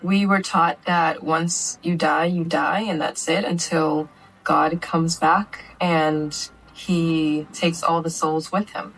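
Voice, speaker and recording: A mother telling her family's story in an interview, recounting events in an earnest, steady way. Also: low voice, takes it slowly, rough recording. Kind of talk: documentary interview testimony.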